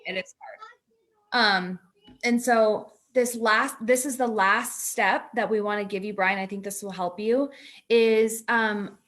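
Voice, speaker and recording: A woman's voice: medium pitch, steady tone, measured pace, a bit bright. A woman co-hosting a talk, coaching a guest in a casual, chatty way, full of "like", acting out inner voices.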